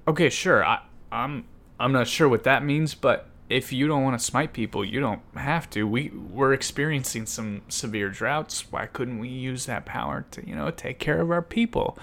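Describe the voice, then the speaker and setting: A man's voice: mid-range voice, moderate pace, gravelly, a bit bright. A man voicing an exasperated, blunt male disciple who rambles and questions his teacher hesitantly. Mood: skeptical.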